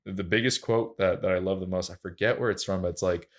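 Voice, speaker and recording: A young man with a low, deep voice tells his story as a podcast guest, speaking quickly and with little rise and fall in his tone. He sounds earnest and candid, and his casual talk is full of slangy fillers. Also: fairly even intonation. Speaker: podcast guest, track and field coach.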